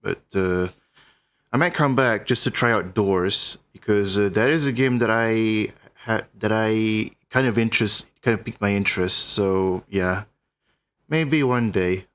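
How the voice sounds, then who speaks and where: A man's voice: fairly low pitch, unhurried, fairly bright tone, smooth. A man streaming his reactions to a video, chatting casually and thinking aloud in a meandering way.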